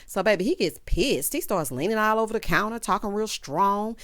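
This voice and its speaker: A woman hosting a casual TV episode recap, sassy and animated, calling listeners child and honey. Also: mid-range voice, no echo, clean studio sound. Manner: acts out characters' lines in quick quotes. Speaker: TV recap host.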